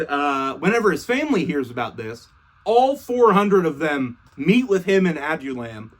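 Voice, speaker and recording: A young man casually retelling a story in slang, swearing freely and offhand. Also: a little high.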